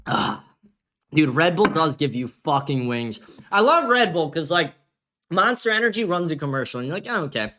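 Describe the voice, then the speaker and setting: A man's voice: on the high side, sing-song, normal speed, sharp tone. A man hosting a livestream, ranting casually and combatively with a lot of profanity. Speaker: livestream host.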